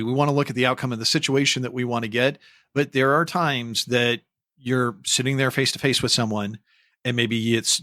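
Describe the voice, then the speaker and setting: A man hosting a casual group discussion, speaking in a reflective, measured way and drawing others in by name. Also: medium pitch, a bit bright, no echo, studio quality. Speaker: podcast host.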